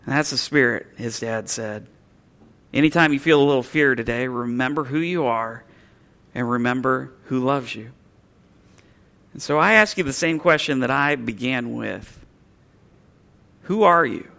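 Bright, earnest male pastor preaching. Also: medium pitch, creaky. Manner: earnest and emphatic, slowing and softening on key phrases. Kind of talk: sermon. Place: church.

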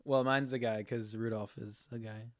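A man's voice: mid-range voice, fairly even intonation, moderate pace. A man co-hosting a casual podcast chat, laughing often and trailing off into fillers. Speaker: podcast co-host.

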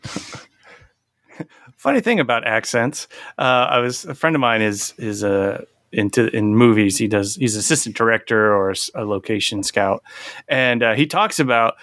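A man's voice: medium pitch, measured pace, fairly bright tone, no room sound, studio quality. A man co-hosting a casual podcast chat, telling an easygoing anecdote. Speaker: podcast co-host.

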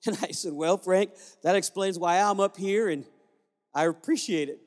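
A man's voice: high-pitched, moderate pace, in a large hall. A man who is a pastor telling a story in a sermon, acting out the dialogue as he goes.

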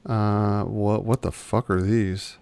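This man takes his time, speaking slowly in a low, gravelly voice during a laid-back podcast chat. Like an easygoing co-host, he rambles, restarts and corrects his sentences, and returns to his points again and again.

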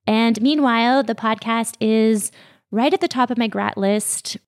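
Slow-talking teary woman podcast host. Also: fairly high pitch. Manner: heartfelt, gets teary while thanking listeners. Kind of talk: casual solo podcast talk.

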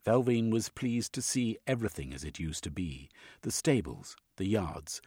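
A man narrating an audiobook with a husky voice. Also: on the low side, sing-song, normal speed, darkish tone, no room sound, clean studio sound. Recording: faint music underneath.

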